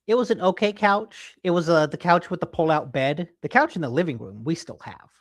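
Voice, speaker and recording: A man's voice: fairly high pitch, fairly quick, no room sound, studio quality. A man co-hosting a casual gaming podcast, rambling with lots of fillers and teasing his co-host. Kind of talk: casual chat. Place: home office.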